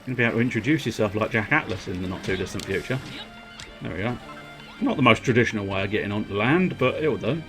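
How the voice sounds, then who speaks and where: Guy streaming a game, jokey rambly chat, pitch all over the place, faint game music. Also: expressive, fast. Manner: jokey, rambling, laughs often. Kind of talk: gaming livestream commentary.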